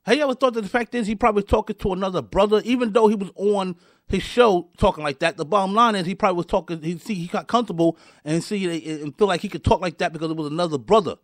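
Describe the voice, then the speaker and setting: In a heated commentary rant, a male show host speaks directly and angrily to his audience, repeating words and stumbling into restarts again and again. He talks fast in a high voice, and the recording is dry and studio quality.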